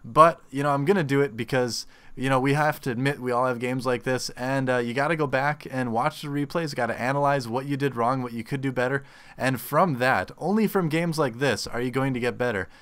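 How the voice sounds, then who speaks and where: A man's voice: medium pitch, fairly quick, fairly bright tone, smooth. A man casting a replay of his own game, rambling with frequent restarts and groaning at his mistakes. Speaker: game caster. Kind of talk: self-deprecating replay commentary.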